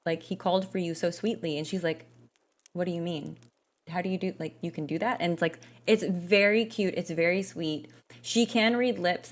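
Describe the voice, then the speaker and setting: A woman's voice: on the low side, gravelly, a bit bright. A woman gaming vlogger chatting casually and rambling, with lots of fillers and restarts. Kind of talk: casual chat while gaming.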